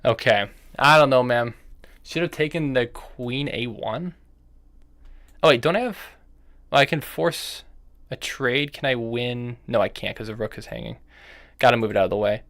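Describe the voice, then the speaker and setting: A man's voice: mid-range voice, moderate pace, long pauses. Man thinking aloud through a chess game. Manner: thinking aloud move by move, muttering half-finished phrases; bursts of self-scolding and nervous fretting. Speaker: chess streamer. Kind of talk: live-streamed commentary while playing online chess.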